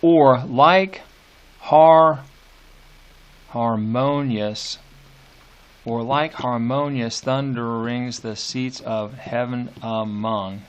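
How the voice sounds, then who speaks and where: A man teaching a poetry lesson, unhurried and hesitant, full of fillers, reading verse lines slowly and deliberately. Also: mid-range voice, steady tone, highs cut off. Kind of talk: classroom lecture on poetry.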